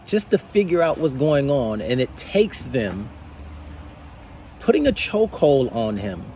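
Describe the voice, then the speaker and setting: A man delivering an impassioned, angry monologue as a vlogger, swearing often and speaking in slow, deliberate phrases. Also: mid-range voice, a little mellow, a little hiss or hum.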